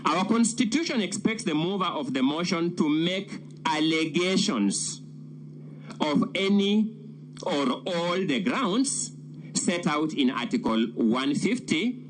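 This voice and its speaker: A man delivers a formal legal argument in a slow, deliberate cadence. His pitch rises and falls widely as he stresses key words with oratorical weight. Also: expressive, slight background noise. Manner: measured, oratorical, emphatic. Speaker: defense lawyer addressing the Senate.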